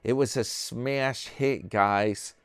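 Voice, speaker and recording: A man's voice: medium pitch, slow, clean tone, dry recording, clean studio sound. A man from New York talking casually to his subscribers, rambling and mocking himself. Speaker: vlogger host. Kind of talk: casual chat.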